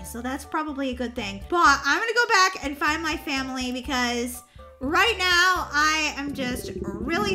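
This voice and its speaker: Woman doing a squealing, bubbly girl. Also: high-pitched. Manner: squealing, giggly, breathless exclamations. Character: bubbly, excitable young girl on vacation. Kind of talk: roleplay voiceover for a block-game video.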